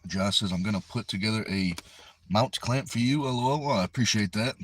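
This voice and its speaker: Brief: low-pitched male streamer, laid-back, reading chat aloud from his car on a phone mic. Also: fairly quick, no room sound. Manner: easygoing, chatty, reads comments aloud and answers them. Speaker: livestream host. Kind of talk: casual live chat reading viewer comments. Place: inside a parked car. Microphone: phone resting on the steering wheel.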